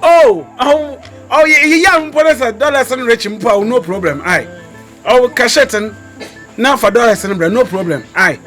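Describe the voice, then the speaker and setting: Film role: a fawning Ghanaian dad with a high, animated voice, music under it. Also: male voice, normal speed. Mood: greedy. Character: greedy Ghanaian father eager for dollars.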